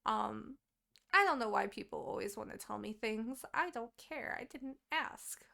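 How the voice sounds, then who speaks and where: A young woman co-hosts a casual podcast, rambling and swearing as she catches up on her week. Her voice sits fairly high and carries a gravelly fry. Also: expressive, a little slow, bright, forceful tone. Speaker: podcast co-host. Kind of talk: casual chat.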